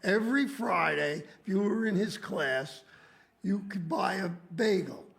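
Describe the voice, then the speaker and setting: Gravelly, lively high-voiced older man. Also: a little slow. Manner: gravelly, animated, gets loud and indignant telling stories. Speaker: guest, former school principal. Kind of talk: casual storytelling chat.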